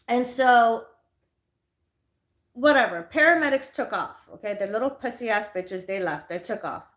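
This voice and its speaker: A woman's voice: on the high side, animated, normal speed, fairly bright tone. A woman hosting a live stream and telling an angry story in a heated, profane rant. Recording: echoey room.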